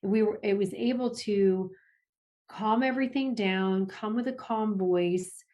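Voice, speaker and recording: A woman, a parent advocate, speaking as a guest in a conversational interview, animated, with frequent restarts and laughs. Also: a little slow, highs cut off. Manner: animated, acts out family quotes with big pitch jumps.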